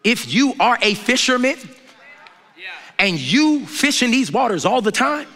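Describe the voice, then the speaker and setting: High-voiced animated male preacher. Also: measured pace. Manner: animated, conversational, banters with the congregation. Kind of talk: sermon. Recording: reverberant hall with faint noise.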